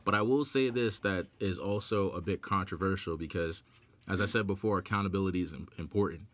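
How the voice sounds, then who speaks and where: A man hosting a podcast in casual chat, animated, laughing often and acting out quoted voices. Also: sits low, a little fast. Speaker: podcast host.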